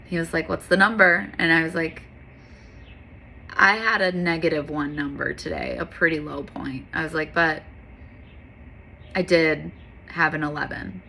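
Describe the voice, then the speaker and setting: A woman's voice: low-pitched, measured pace, vocal fry, pauses often, bright, forceful tone, slight background noise. A woman yoga instructor talking in an earnest, candid, heartfelt monologue, with frequent fillers.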